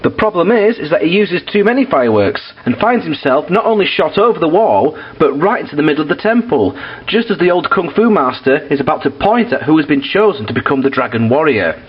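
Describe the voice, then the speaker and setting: A man's voice: a little high, very animated, fairly quick, husky, dull audio. A man reviewing films in a casual, blunt and sweary way, with frequent fillers. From United Kingdom. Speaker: film reviewer.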